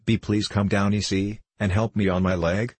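A man's voice: lowish voice, flat delivery, moderate pace, husky, no echo. A man doing a cheery Frenchman, French accent. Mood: relieved. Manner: broken English with French phrases. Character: excitable Frenchman with broken English, good-humored.

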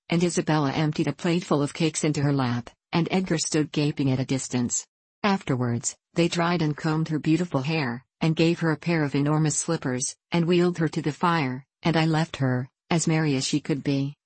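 A woman narrating a classic novel in a measured storytelling reading. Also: sits low, a little mellow, husky, no echo, poor audio. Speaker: audiobook narrator. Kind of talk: scripted narration.

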